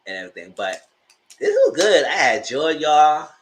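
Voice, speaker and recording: Animated sassy man chatting with viewers. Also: a little high, moderate pace, a little hiss or hum. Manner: animated, sassy, laughs often. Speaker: host. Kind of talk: casual commentary chat.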